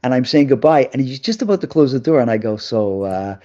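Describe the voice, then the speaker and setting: A fast-talking man with a mid-range voice shares lively anecdotes on a live interview show, energetically imitating the other people in his stories. The sound is slightly dull and lo-fi, as over a video call, with slight background noise.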